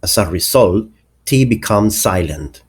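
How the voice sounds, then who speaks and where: A man's voice: on the low side, animated, a little slow, breathy edge. A man teaching an English pronunciation lesson, carefully enunciating each example word.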